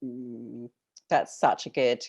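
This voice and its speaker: A middle-aged woman with a British accent, chatting casually as a novelist guest in an interview, thoughtful and quick to laugh. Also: rumbling low, little pitch movement, darkish tone, dull audio. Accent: British English.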